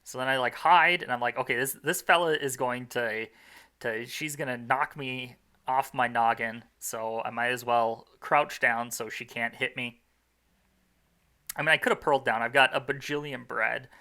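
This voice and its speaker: A man's voice: mid-range voice, fairly even intonation, normal speed, sharp tone. A young man commentating his own game run in a casual, rambling, self-mocking way, full of fillers and restarts.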